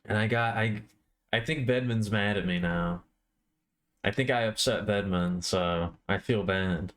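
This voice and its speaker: Here a livestreamer draws and talks to his audience at a measured pace, his fairly low voice carrying a bit of brightness. His talk wanders, and he often stops to correct himself.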